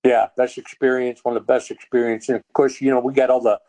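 A man's voice: medium pitch, quick pace, poor audio. A man with a Texan accent, a podcast guest telling a story in casual chat and acting out the voices in it. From Texas. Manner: animated storyteller, acts out quoted dialogue. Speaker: guest, dog trainer.

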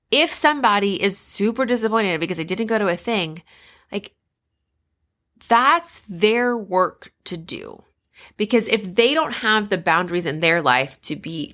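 A woman's voice: medium pitch, sharp tone. A middle-aged woman hosting a podcast as a life coach, talking in a candid, conversational and emphatic way. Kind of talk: casual podcast monologue.

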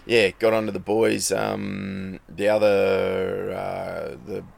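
Gravelly low Australian man. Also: level tone, slow pace. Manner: rambling, acts out quoted dialogue. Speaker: guest, rally racer. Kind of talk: casual storytelling chat.

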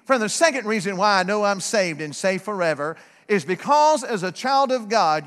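A middle-aged man preaching a sermon, fervent and repetitive, building to shouts. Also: sits high, expressive, moderate pace. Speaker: guest preacher. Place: church sanctuary. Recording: long hall reverb.

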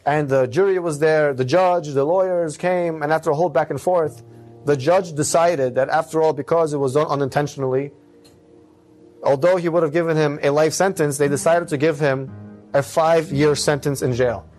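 A man telling a moral story with dramatic delivery, swinging his pace and pitch. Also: a little mellow.

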